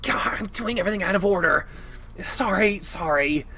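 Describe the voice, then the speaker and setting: A man's voice: sits high, lively intonation, normal speed, bright, forceful tone, faint music behind, pitched above the performer's own voice, full character voice. A man voicing a nervous, upbeat young male furry mentor who keeps apologizing. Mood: flustered. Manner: apologetic, flustered and eager.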